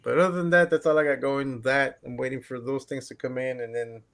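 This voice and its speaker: Man, middle voice, easygoing, relaxed group chat. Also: medium pitch, a little fast, vocal fry. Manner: easygoing, laughs easily. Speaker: podcast panelist.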